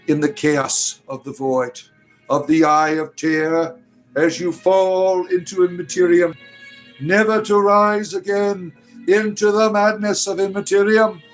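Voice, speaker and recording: A man delivering a parody sermon in a fervent, booming preacher cadence with swooping emphasis, breaking into chuckling asides. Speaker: preacher character host.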